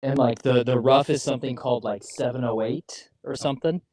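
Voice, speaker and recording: A man's voice: mid-range voice, fairly even intonation, brisk, a little mellow, no echo. A man co-hosting a golf livestream, casually chatting and explaining course details while playing outdoors.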